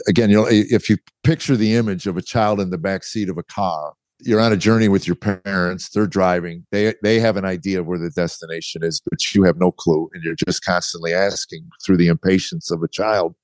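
A man's voice: low-pitched, steady tone, a little fast, no room sound. A middle-aged man, a guest author, telling his story candidly in conversation and acting out the dialogue he quotes. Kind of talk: interview storytelling.

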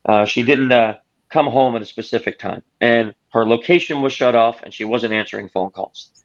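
A man's voice: mid-range voice, normal speed. Man telling stories, slightly dull sound. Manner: explains with stories and acted quotes. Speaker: guest author. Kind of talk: conversational interview.

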